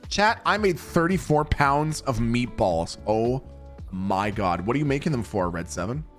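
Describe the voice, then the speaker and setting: With game music playing, a young man chats casually with his stream's viewers as he plays, easygoing, swearing and laughing plenty. His mid-range voice is unhurried but swings widely in pitch.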